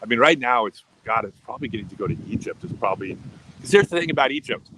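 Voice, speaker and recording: A man's voice: mid-range voice, lively intonation, fast talker, background noise. A middle-aged man chatting casually on a livestream, rambling and often restarting his sentences. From United States. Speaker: livestream host.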